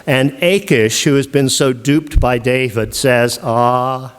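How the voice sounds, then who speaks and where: A man giving a seminary lecture on the Bible, animated and full of rhetorical questions. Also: mid-range voice, unhurried. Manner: animated, asks rhetorical questions, acts out quoted voices.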